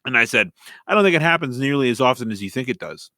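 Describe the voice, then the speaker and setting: Young male podcast host, animated storyteller, bright forceful tone, dry close sound. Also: mid-range voice, fast talker, no echo. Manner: animated storyteller who swears freely and acts out quotes. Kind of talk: casual chat.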